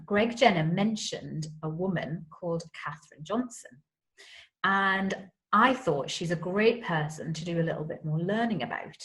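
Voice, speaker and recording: A woman's voice: lowish voice, rough recording. Woman teaching history to children. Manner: friendly, explains terms simply for children. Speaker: primary school teacher. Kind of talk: home-school history lesson for children.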